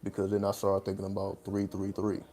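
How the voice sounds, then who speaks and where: Guy streaming live, dark mellow voice, kinda rambly w lots of fillers. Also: low-pitched, completely flat delivery, brisk. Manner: loose and rambling, many fillers, laughs between points. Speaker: livestream host. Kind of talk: casual livestream chat.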